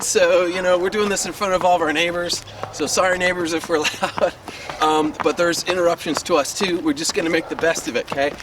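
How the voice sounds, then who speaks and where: Upbeat coach far from the mic outdoors. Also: male voice, sits high. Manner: upbeat and encouraging, chatty with fillers. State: a little winded. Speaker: sword fighting coach. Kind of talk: outdoor class instruction, counting reps. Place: outdoors in a residential neighborhood. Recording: distant mic with loud street noise.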